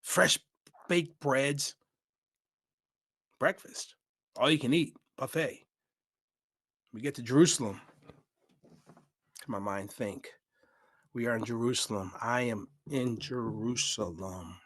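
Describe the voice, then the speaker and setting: A man's voice: mid-range voice, a bit bright, no room sound. Emphatic man in a dry room. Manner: emphatic, repeats words for effect, pauses to collect thoughts. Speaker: travel podcaster. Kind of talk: unscripted travel reflection.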